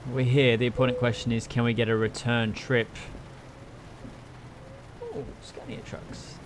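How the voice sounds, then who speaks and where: Young male let's-player, relaxed unhurried commentary, salty language, steady game engine noise behind. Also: mid-range voice. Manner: chatty, swears often, talks to himself while driving. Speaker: let's play gamer. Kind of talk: casual gameplay commentary.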